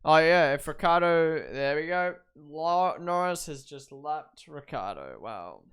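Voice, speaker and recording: Excitable young man with a smooth voice. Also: on the high side, measured pace. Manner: excitable, swears often, bursts into shouting at the broadcast. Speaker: host reviewing races. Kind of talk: live watch-along reaction and review.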